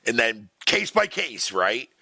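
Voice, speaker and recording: Dude ranting on his stream, cussing nonstop, bright voice, super dry mic. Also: medium pitch, very animated, slow pace, vocal fry, dry recording. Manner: profane, exasperated ranting with frequent laughs; talks to chat viewers by name. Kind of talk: casual live-stream rant.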